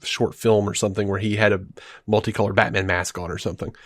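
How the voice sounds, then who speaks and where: A man's voice: on the low side, little pitch movement, fast talker, dry recording, clean studio sound. A man co-hosting a podcast in casual chat, enthusiastic and rambling, laughing often. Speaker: podcast co-host.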